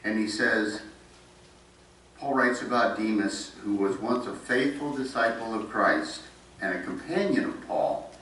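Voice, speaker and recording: A man's voice: on the low side, a bit bright. A man with a Midwestern American accent preaching a sermon, reading scripture aloud with emphasis and then explaining it. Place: church sanctuary. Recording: very echoey room, voice from a distance, faint noise.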